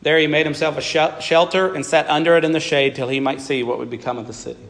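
A man preaching a sermon in a slightly higher-pitched voice, stacking short emphatic phrases and reading scripture aloud. His voice carries a long reverb, as in a large church sanctuary. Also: steady tone, quick pace, a bit bright. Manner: reads scripture aloud and voices Jonah's complaints in plain speech.

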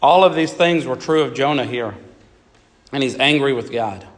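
A man's voice: mid-range voice, normal speed. A man preaching a sermon, reading scripture aloud and voicing a biblical figure's complaints, with emphatic lists of short phrases. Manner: reads scripture aloud and voices Jonah's complaints in plain speech. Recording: long reverb of a large hall.

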